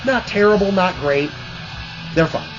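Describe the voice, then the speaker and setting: A man's voice: high voice, lively intonation, unhurried, dull audio. A man hosting his own channel, telling rambling, profane stories in a casual way with lots of fillers.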